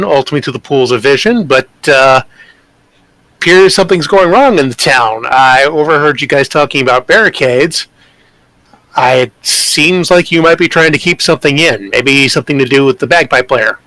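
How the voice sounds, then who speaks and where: A man's voice: mid-range voice, normal speed, sharp tone, dry recording, rough recording. A man playing a tabletop game, speaking politely and confidently in character. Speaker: player.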